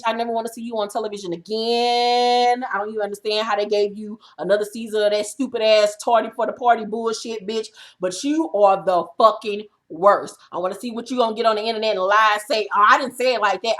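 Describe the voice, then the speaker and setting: A woman with a slightly high voice delivers a comedic recap rant. She is brash and foul-mouthed, and she trash-talks with no filter. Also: steady tone, fairly quick, few pauses. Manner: brash, trash-talking, heavy cursing. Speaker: reality TV recap vlogger.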